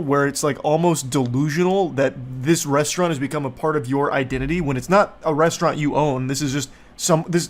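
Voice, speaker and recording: A male online commentator reacts to unhinged text messages with dry sarcasm and open disbelief. His voice sits a touch higher than most men's, and he swears casually as he picks the messages apart. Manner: sarcastic, incredulous, swears freely.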